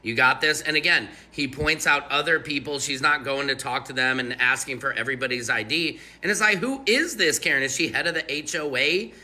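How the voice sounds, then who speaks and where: Sharp, bright man with a slightly high voice, mocking online commentator. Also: brisk, hardly any pauses. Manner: sarcastic, mocking, animated. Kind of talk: casual sarcastic commentary.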